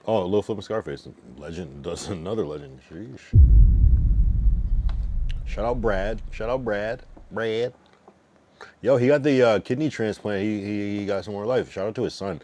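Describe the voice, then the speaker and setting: A man in his late thirties talks on a livestream in a very low voice. He rambles loosely, swears freely and argues back at his chat. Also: lively intonation, fairly quick, hardly any pauses, warm tone, slight background noise. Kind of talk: casual stream chat.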